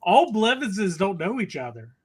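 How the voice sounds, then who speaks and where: A man with a husky voice dropping joking asides into a casual group chat. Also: high-pitched, big pitch swings, normal speed.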